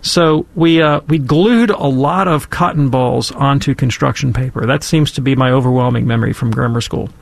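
Gravelly, animated male storyteller. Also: medium pitch, normal speed, few pauses, no echo. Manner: animated, emphatic. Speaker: guest commentator. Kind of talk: casual storytelling chat.

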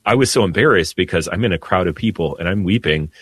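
A man, a priest, telling heartfelt stories in an animated way on a radio talk show. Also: sits low, quick pace, husky, no room sound. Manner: emotional, animated storyteller with laughs. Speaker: priest guest. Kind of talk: storytelling radio conversation.

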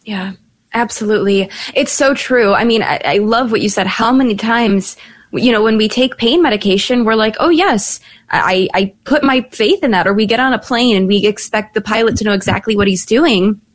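A young woman hosting a live Catholic radio talk show, chatty, laughing at times, reading phone numbers slowly. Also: medium pitch.

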